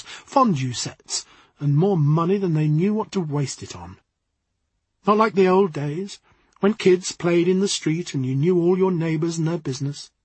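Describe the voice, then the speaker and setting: With an expressive, wry delivery, a man narrates a story. His voice is high and lively with a husky, breathy texture, recorded dry and close with no echo.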